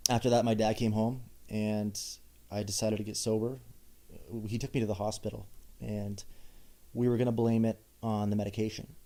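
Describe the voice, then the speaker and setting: A man's voice: fairly low pitch, warm tone. A young man in a personal monologue as podcast host, telling his own story with candid, self-mocking asides.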